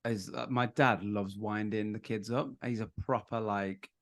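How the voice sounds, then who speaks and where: A man's voice: lowish voice, unhurried. A man, a podcast guest, chatting casually and acting out quotes as he tells stories about his family. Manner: animated storytelling with acted-out quotes. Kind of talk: casual chat.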